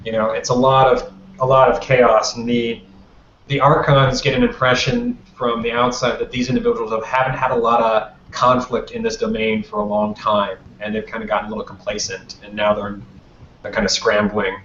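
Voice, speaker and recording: A man's voice: mid-range voice, flat delivery, normal speed, a bit bright. A man narrating as game master in a tabletop game, telling the scene in a loose, conversational way. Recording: roomy, dull lo-fi, faint noise.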